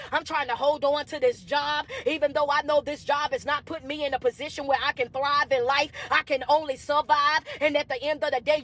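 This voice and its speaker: High-voiced woman preaching motivation. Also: sharp tone. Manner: preachy, repetitive, call-and-response, calls viewers baby. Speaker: motivational speaker. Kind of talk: livestream motivational talk.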